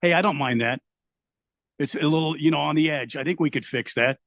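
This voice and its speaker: A man's voice: a little high, fairly quick, a bit bright, dry recording. A man, co-host on a sports radio show, chatting in a dry, teasing way. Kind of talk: casual radio banter.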